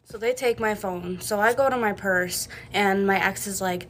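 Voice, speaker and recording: A woman's voice: mid-range voice, normal speed, a bit bright, a little hiss or hum. Blunt young woman telling a story. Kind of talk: casual storytime to camera.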